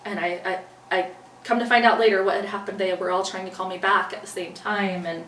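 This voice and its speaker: A woman with a mid-range, fairly bright voice speaks fairly quickly in a steady tone, earnestly recounting a personal story as an interview guest and acting out her own past words. The recording is roomy, with a distant mic and faint background noise.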